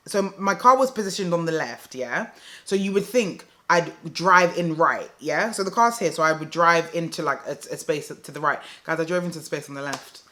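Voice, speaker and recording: A woman's voice: lowish voice, sharp tone. A young woman vlogger telling a story to camera in a chatty way, filling her talk with "like" and calling her viewers "guys". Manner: chatty, fills speech with "like", addresses viewers as "guys".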